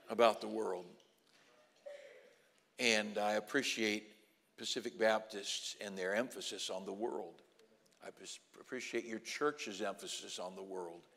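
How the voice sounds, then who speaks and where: A man preaching a sermon to college students and graduates, moving from quiet storytelling to loud, rising exhortation. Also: fairly low pitch, gravelly, long reverb tail. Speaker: pastor.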